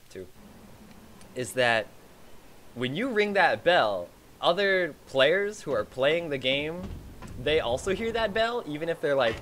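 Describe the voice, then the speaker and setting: A man giving excitable, chatty commentary while streaming a game. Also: medium pitch. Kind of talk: casual gameplay commentary.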